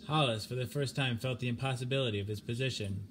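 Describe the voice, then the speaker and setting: A man narrates a science fiction short story in a measured, grave voice of ordinary pitch. He reads steadily, like a home audiobook recording, with a soft hiss of noise underneath.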